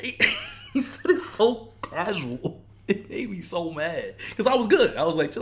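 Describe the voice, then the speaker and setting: Young man, podcast co-host, lively swinging pitch, casual profane storytelling. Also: moderate pace. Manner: animated, profane storytelling, acts out quotes.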